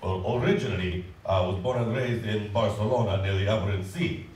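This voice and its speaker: A man playing a smooth-talking suitor who fakes a Spanish-style accent, halting and full of fillers, recorded in an echoey hall from far away. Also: lowish voice, darkish tone, a little hiss or hum, natural voice. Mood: bluffing. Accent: put-on Spanish-style accent. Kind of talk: community stage musical acting.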